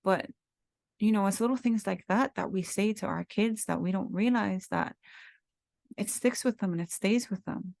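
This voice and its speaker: A woman's voice: medium pitch, moderate pace, creaky, darkish tone, dry recording, clean studio sound. A woman in her thirties hosting a podcast, talking in an earnest, heartfelt, rambling way and repeating herself as she reflects. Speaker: podcast host. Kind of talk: reflective personal talk.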